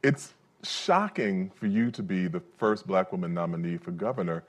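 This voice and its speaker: Husky male moderator with many fillers. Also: deep voice, animated, normal speed. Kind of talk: moderating a public event. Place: event room with live audience.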